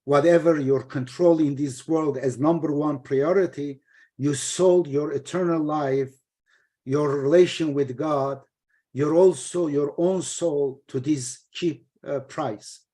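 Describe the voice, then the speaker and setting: A middle-aged man, Turkish his first language, leads an informal study session on scripture translation. His voice sits a bit high for a man. He talks in an explaining, halting way, full of fillers and restarts. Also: steady tone, warm tone.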